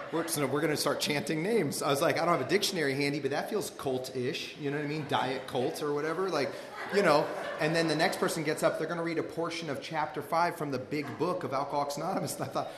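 Stand-up comic, male, Southern Californian accent, slightly high voice, loose rambling delivery, live room with echo and crowd noise. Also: fast talker. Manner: loose, rambling, laughs at his own jokes. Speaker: stand-up comedian telling a recovery story. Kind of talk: stand-up storytelling. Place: stage before a live audience. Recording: echoey live room recording.

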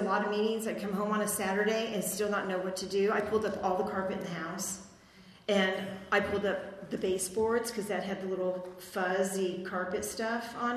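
A middle-aged woman telling her recovery story at a meeting in a rambling, chatty way with fillers and frequent self-mocking laughs. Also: medium pitch. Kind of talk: personal testimony talk. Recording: echoey hall reverb, faint noise.

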